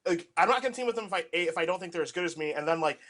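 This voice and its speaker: A man's voice: high-pitched, lively intonation, very fast, fairly bright tone. A young man co-hosting a casual chat, telling rambling anecdotes packed with filler words. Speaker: podcast co-host.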